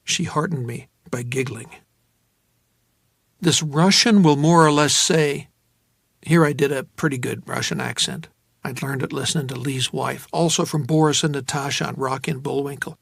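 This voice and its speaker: A man narrating a novel in the first person, in a steady, wry, dry manner. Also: mid-range voice, moderate pace, vocal fry, breathy edge, no echo. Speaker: audiobook narrator.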